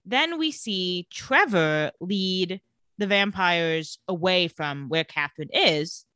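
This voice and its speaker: A woman co-hosting a casual podcast, recapping an episode and acting out the characters' lines with animated storytelling. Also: lowish voice, slow pace, clean tone, no echo. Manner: animated storytelling, acts out quotes. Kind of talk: casual chat.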